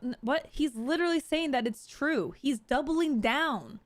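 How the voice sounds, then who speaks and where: Talking to her chat in a fast, lively way, a woman streamer reads out tweets and dissects them in casual livestream commentary. Her voice leans high, with no echo.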